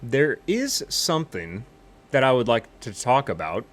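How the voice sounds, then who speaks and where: A man's voice: medium pitch, sing-song, a little slow. A man rambling through a cocky, boastful comedy monologue as a pilot character in a flight game.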